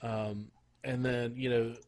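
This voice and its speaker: A man's voice: mid-range voice, level tone, slow, a little mellow. Rambling man with a mid-range voice. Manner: rambling, lots of fillers and restarts. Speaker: podcast co-host. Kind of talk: casual chat.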